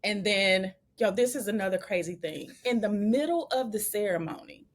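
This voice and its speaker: A woman telling a story in a casual chat, animated and chatty, laughing often and using slangy asides. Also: mid-range voice, normal speed. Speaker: bride and co-host of a couple's channel.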